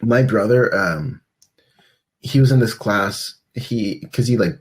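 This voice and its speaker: Young guy, low husky voice, talks all over the place, laughs a ton. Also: takes it slowly. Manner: lively, rambling, laughs a lot. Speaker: podcast co-host. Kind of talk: casual chat.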